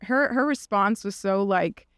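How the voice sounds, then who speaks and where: Chatty woman with a smooth, clear voice. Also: medium pitch, a little slow, a bit bright, no echo, studio quality. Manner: chatty, many fillers and "like"s, acts out quoted voices. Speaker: podcast guest. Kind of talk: casual storytelling.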